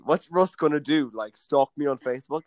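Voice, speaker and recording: A man's voice: fairly high pitch, fairly quick, darkish tone, no room sound. A man co-hosting a podcast, telling a story in a teasing, joking way. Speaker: podcast co-host. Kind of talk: casual storytelling chat.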